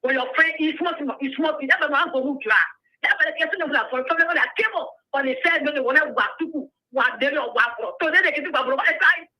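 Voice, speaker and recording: A woman's voice: sits high, quick pace. A woman caller, scolding and repeating herself on a call-in radio show over a phone line. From Liberia. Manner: scolding, repetitive, rising to shouts.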